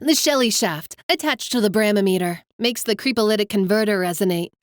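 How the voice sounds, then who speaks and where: A woman's voice: medium pitch, no room sound, studio quality, voice pushed up, natural voice. A woman voicing an upbeat young female mechanic who rattles off technical jargon. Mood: eager. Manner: quick, eager, excitable.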